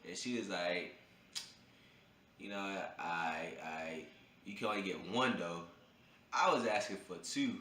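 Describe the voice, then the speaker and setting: A young man casually telling a funny personal story, breaking into high yelps when he acts out his own reactions. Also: unhurried, pauses often, pushed and bright. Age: young adult. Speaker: vlogger. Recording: echoey room with faint ambient noise.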